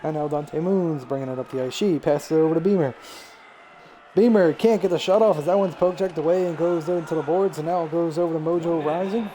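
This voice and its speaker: A man's voice: fairly high pitch, a little hiss or hum. A young man calling live play-by-play of a video game hockey match on a stream, running through passes and saves and lifting his voice on shots and goals. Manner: rapid play-by-play, rising excitedly on shots and goals. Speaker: play-by-play commentator.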